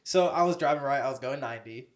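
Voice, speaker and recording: A man's voice: mid-range voice, quick pace, crowd noise. A young man co-hosting a podcast, telling a story in a casual, profane, rambling way. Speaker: podcast co-host.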